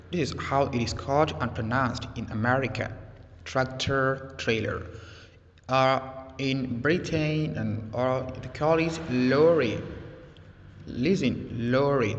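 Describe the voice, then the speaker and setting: A man teaching an English vocabulary lesson, speaking slowly and deliberately and repeating words for his learners. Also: medium pitch. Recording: echoey, dull lo-fi sound.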